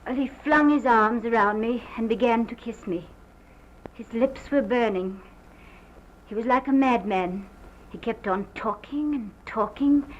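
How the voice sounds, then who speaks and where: An actress playing a distraught woman who haltingly recounts a violent night, in early sound-film acting on a muffled old film recording. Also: fairly high pitch, slight background noise, lightly acted. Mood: strained. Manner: halting, hesitant, breaks off.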